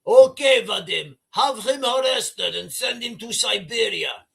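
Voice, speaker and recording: A man's voice: very high voice, lively intonation, measured pace, creaky, voice pushed up, exaggerated voice. A man voicing a Russian leader who gives curt orders with a mock Russian accent. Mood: commanding. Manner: curt, commanding.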